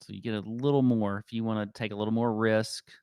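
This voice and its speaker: A man's voice: on the low side, fairly even intonation, fast, mellow, clean tone, no echo, studio quality. A man co-hosting a casual golf betting podcast, easygoing and hedging, with plenty of ums. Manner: easygoing, hedging, filler-heavy. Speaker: podcast co-host.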